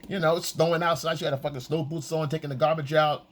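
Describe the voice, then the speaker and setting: A man coaching on dating in a casual, profane monologue, acting out quoted lines in a high voice. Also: fairly even intonation, fast talker, slight background noise.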